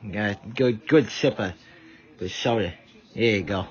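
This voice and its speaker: A man's voice: lowish voice, unhurried, slightly rough. A tired man giving rambling casual live commentary, stumbling over his words. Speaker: vlogger. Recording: dull lo-fi audio.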